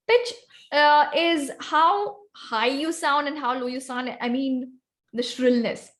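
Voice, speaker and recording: A woman with an Indian accent giving an instructive workshop on speaking skills, calling on volunteers by name. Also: sits high. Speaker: guest speaker teaching vocal variety. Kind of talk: online club workshop presentation.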